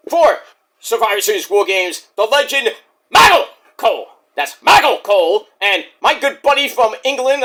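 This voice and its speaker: A man hosting a casual, profane wrestling review, jokey and animated, who keeps breaking into impressions. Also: high-pitched. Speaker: wrestling reviewer, channel host.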